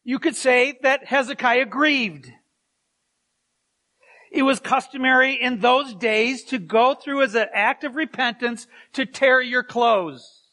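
A man's voice: extremely high pitch, slow pace, sharp tone. A middle-aged man, a pastor, preaching a sermon and telling stories with chuckles and asides.

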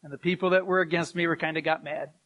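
High-voiced man preaching a sermon. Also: fairly even intonation, fast talker, lo-fi sound. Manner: storytelling with asides and chuckles. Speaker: pastor.

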